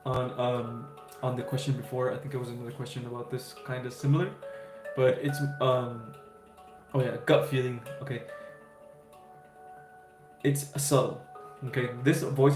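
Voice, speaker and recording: A man with a mid-range, darkish voice hosts a casual spiritual livestream, answering viewers' questions in an easygoing, reassuring way. He uses many fillers and tags lines with "right?" The recording has a roomy echo and faint music.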